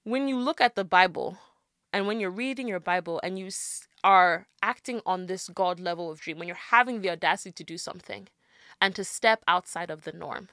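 A woman's voice: lowish voice, a little fast, sharp tone, no room sound, studio quality. A woman co-hosting a casual podcast, speaking earnestly about faith. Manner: earnest, preachy, emphatic. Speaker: podcast co-host. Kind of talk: casual chat.

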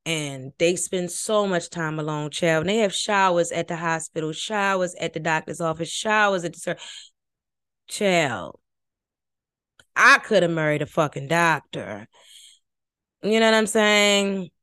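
A woman who formerly worked in nursing and medicine hosts a podcast, rambling chattily about a reality show and swearing a lot. Her fairly low voice is pushed and bright, clear and resonant, delivered at a measured pace. The clean studio recording has no room sound.

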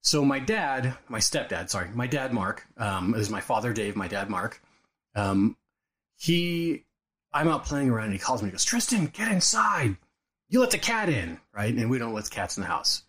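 A middle-aged man co-hosting a podcast, telling family stories in a lively way, acting out voices and laughing often. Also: fairly low pitch, normal speed. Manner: animated storyteller, acts out quotes, laughs often. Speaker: podcast co-host. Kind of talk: casual storytelling chat.

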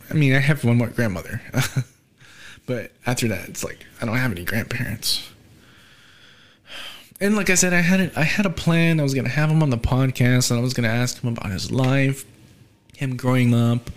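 A young man hosting a podcast, talking casually and quietly, with many fillers and pauses, subdued by grief. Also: medium pitch. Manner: soft, halting, with frequent fillers and trailing off. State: grieving, subdued. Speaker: podcast host. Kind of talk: casual solo podcast talk.

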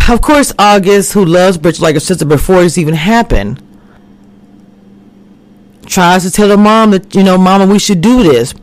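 A woman giving a casual recap of a TV drama, animated and quick to act out the characters' lines. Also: medium pitch. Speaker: TV recap reviewer. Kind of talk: casual chat. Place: home, recording a live stream.

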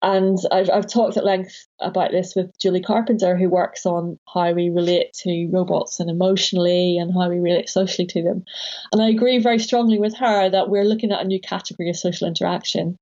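A woman's voice: lowish voice, fairly even intonation, fairly quick, dark tone. Thoughtful woman author, slightly lo-fi. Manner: thoughtful, hesitant, laughs often. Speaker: author and guest. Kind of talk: conversational interview.

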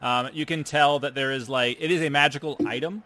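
Bright-voiced man running the game. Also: medium pitch, steady tone. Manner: halting, filler-heavy description. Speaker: game master. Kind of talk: narrating a tabletop game.

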